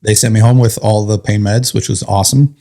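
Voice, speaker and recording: Brisk and steady, with a dark, fairly low voice, a man appearing as a guest shares his personal experiences as a firefighter. His telling is candid, vivid and plain-spoken, peppered with blunt swearing.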